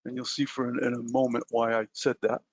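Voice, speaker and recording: A man's voice: mid-range voice, level tone, fairly quick, no echo. A man walks through trading basics on a webinar whiteboard, talking loosely with plenty of ums and uhs. He cracks small jokes at his own expense as he goes. The audio is dull and lo-fi, with a dry, close sound. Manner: loose and chatty, many ums and uhs, self-mocking jokes.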